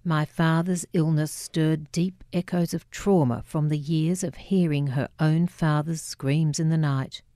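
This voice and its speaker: A woman with an Australian accent reading her memoir aloud in a measured, reflective way. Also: deep voice, fairly even intonation, dark tone, dry recording, studio quality. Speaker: memoir narrator. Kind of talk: scripted memoir narration.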